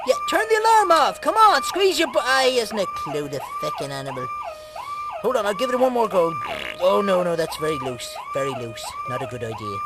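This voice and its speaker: A man voicing a crude, bickering older Irish puppet bachelor with an Irish accent. He swings from loud outbursts to low mutters as he tells a story. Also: wildly swooping pitch, brisk, very noisy, full character voice. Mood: flustered. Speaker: storyteller host. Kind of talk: comic sketch banter.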